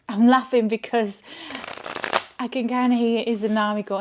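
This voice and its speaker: A woman's voice: on the high side, steady tone, moderate pace, background noise. A woman with a Geordie accent, chatting frankly to camera as a tarot reader and rambling as she goes. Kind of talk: casual chat to camera.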